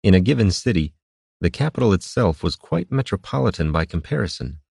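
A man reading fantasy narration in a steady, measured way. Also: low voice, creaky, husky, dry recording, clean studio sound. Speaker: audiobook narrator.

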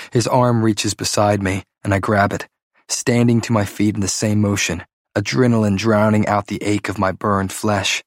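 A male narrator reads a first-person story with tense, dramatic storytelling. His voice sits on the low side, recorded dry and close with no room sound. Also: no echo. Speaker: audiobook narrator.

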